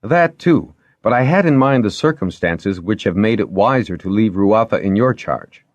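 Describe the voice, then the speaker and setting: A man's voice: lowish voice, lively intonation, normal speed, no echo, dull audio, voice pushed up, lightly acted. A man reading aloud and voicing a keen, earnest young lord who presses his questions.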